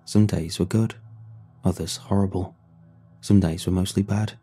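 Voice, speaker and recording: A man narrating a first-person horror story in a hushed, tense and grief-laden way. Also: sits low, steady tone, moderate pace, husky. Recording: soft music underneath.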